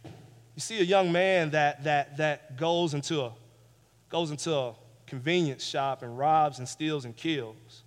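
A male pastor preaching a sermon, repeating phrases emphatically and swinging between hushed and loud passages, on a clip-on mic. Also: fairly high pitch, a little slow. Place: church sanctuary. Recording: long reverb of a church hall.

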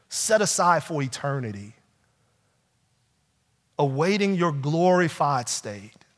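A man's voice: a little high, sing-song. Preaching man in an echoing church. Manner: swings from loud urgent pleading to hushed, slow, quiet passages. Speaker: pastor. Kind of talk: sermon. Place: church sanctuary. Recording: long hall reverb.

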